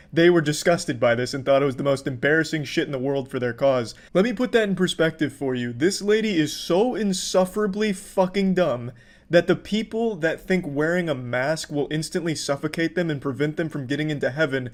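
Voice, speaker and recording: A man giving profane, mocking commentary with deadpan sarcasm over video clips. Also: fairly high pitch.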